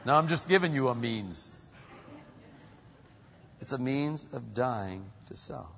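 A man pastor preaching a sermon, acting out quoted voices with sudden pitch jumps. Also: animated, slow, creaky, fairly bright tone, in a large hall, lo-fi sound.

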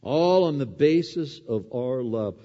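A male pastor preaching a conversational sermon, swinging from emphatic peaks to soft, quiet asides. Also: mid-range voice, lively intonation, slow pace. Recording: dull lo-fi sound with long hall reverb.

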